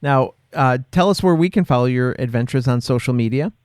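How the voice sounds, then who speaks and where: A man hosting a podcast, chatting in a relaxed, friendly way with fillers. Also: mid-range voice, brisk, clean tone, dry recording. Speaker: podcast host. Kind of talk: casual interview chat.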